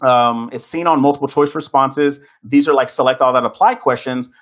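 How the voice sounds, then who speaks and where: A man's voice: mid-range voice, brisk. A man teaching nursing exam prep in a casual, chatty presentation, full of fillers and restarts.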